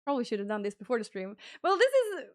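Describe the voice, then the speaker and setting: A young woman streaming live, chatting casually and squealing excited thanks to donors. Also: fairly high pitch, quick pace, no echo, studio quality.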